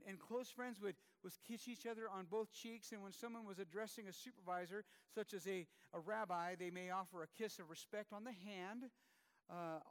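High-voiced pastor, casual sermon. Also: male voice. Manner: conversational, self-deprecating, with many fillers and restarts. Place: church.

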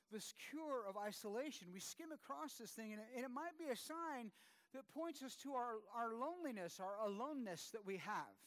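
High-voiced pastor, casual sermon. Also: male voice, a bit bright. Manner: conversational, self-deprecating, with many fillers and restarts. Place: church.

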